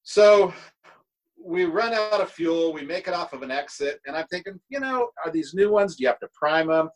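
A middle-aged American man, a guest drummer, tells road stories in casual storytelling that's laid-back, rambling, and full of swearing. His voice is expressive and fairly high-pitched at a moderate pace, on a rough recording.

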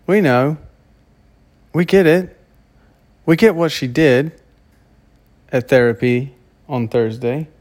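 A man's voice: mid-range voice, slow, long pauses, darkish tone. A man talking to camera in a casual monologue, rambling and often stopping to search for words. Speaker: vlogger.

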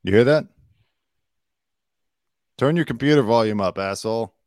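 A man's voice: medium pitch, normal speed, a little mellow, no room sound, clean studio sound. A man hosting a casual comedy podcast, joking and sarcastic, swearing freely. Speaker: podcast host. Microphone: desk mic with headphones.

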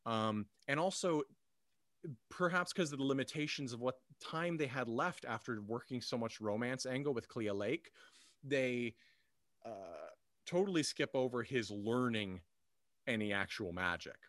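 A man's voice: medium pitch, expressive, a little slow, fairly bright tone, no room sound. Rambling man with a dry, close sound. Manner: rambling, many fillers and restarts. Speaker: podcast co-host. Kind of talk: casual film discussion.

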